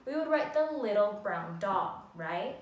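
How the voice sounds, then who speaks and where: A woman's voice: medium pitch, expressive, measured pace. A woman teaching young children how to write sentences, speaking in a patient, sing-song way. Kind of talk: recorded classroom lesson for young children. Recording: echoey room, voice from a distance.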